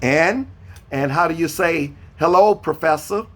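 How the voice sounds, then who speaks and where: A male teacher leads a beginner language class over a video call, speaking in a slightly high voice at a slow, deliberate pace. He patiently repeats each question and spells words out letter by letter for his students. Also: a bit bright. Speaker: Spanish teacher. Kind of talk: online beginner language lesson.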